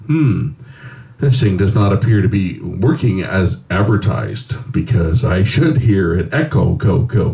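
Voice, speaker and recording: A middle-aged man casually demonstrating an electronics board, relaxed and explanatory with frequent pauses and fillers. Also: fairly low pitch, creaky, breathy edge. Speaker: electronics hobbyist channel host. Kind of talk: casual hands-on product demo.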